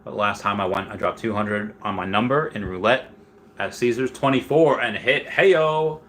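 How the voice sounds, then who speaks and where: A man hosts a relaxed livestream in a slightly low but bright, forward voice. He rambles on, reads viewer comments aloud and swings into loud, excited bursts. Faint room ambience sits behind him. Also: moderate pace, a little hiss or hum. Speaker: livestream host. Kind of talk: casual livestream chat.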